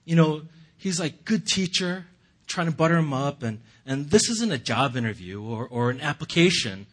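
A man's voice: medium pitch, animated, moderate pace. A man giving a casual, conversational sermon, often chuckling and restarting his sentences. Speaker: pastor.

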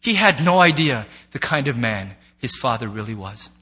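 A man's voice: mid-range voice, sing-song, moderate pace, bright, forceful tone. A man preaching a sermon to a congregation, conversational and playful, slipping into acted asides. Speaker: pastor. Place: church sanctuary before a congregation.

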